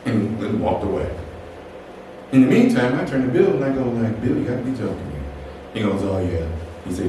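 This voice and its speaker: A man telling a funny personal story to an audience, acting out the people in it with laughter. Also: medium pitch. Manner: animated, acts out the people in his story with laughs. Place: storytelling event room. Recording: echoey room, voice from far off, ambient noise.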